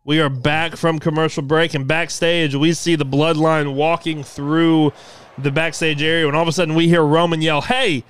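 A man hosting and narrating as a commentator, calling the action play-by-play in an energetic announcing manner. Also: fairly high pitch, moderate pace, clear, resonant tone, dry recording.

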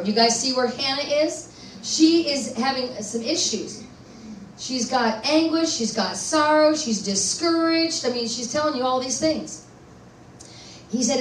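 A woman pastor preaching a sermon at a conference, animated and asking her listeners questions. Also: high voice, normal speed, slight background noise. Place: church conference hall. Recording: echoey room, voice from far off.

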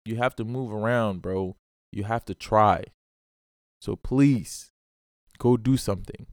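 A man's voice: on the low side, takes it slowly, dry recording, clean studio sound. A man hosting his own podcast, giving a blunt, profane motivational monologue and repeatedly calling the listener bro. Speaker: podcast host.

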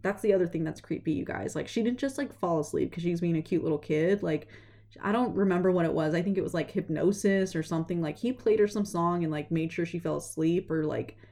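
A young woman with a fairly low voice casually retells a story, chatty and animated, dropping into quick voices for the characters.

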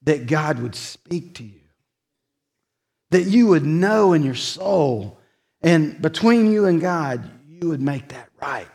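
Earnest pastor preaching. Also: male voice, fairly high pitch, animated, slow, gravelly, slightly rough. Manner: earnest, confessional, swings from loud emphasis to soft near-whisper. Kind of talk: sermon. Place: church sanctuary.

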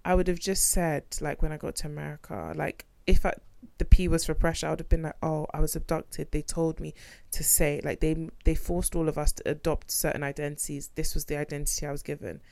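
A woman podcast co-host from a second-generation Nigerian immigrant family, chatting casually about a documentary in a blunt, animated way and swearing freely. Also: low voice, quick pace, gravelly, dry recording. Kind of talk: casual chat reviewing a documentary.

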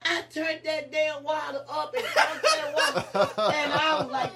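Gravelly woman telling stories. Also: sits high, normal speed, far from the mic, a loud crowd. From Tennessee. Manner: lively, emphatic, frequent laughter and rising exclamations. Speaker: guest, nonprofit activist. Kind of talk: animated storytelling in casual chat.

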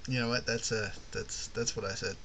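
A man's voice: medium pitch, steady tone, normal speed, creaky, a bit bright, a little hiss or hum. A man hosting a casual podcast lesson on worldbuilding, rambling and often asking "you know what I mean". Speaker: podcast host teaching worldbuilding.

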